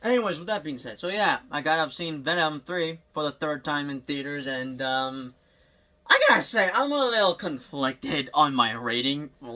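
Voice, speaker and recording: A young man with a high, bright voice chats casually into his phone at home. He rambles excitedly and laughs often, jumping between thoughts. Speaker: vlogger. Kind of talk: casual movie vlog chat.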